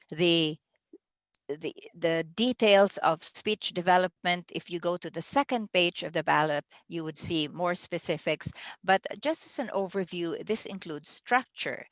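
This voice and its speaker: A woman's voice: on the low side, no room sound. A woman leading a training session for contest judges, talking through the ballot in a conversational way, with restarts and the odd small laugh. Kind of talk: training talk.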